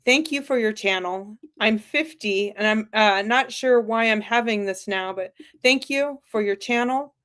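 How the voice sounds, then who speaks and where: Woman co-host reading comments aloud; slow, soft delivery, middle pitch. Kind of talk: live-stream Q&A.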